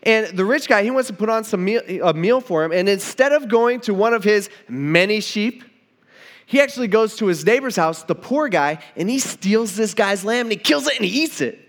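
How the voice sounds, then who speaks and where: A man's voice: high voice, lively intonation, normal speed, fairly bright tone. A man preaching a sermon in a casual, conversational way, retelling a story and acting out its dialogue. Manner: conversational, acts out dialogue, many restarts.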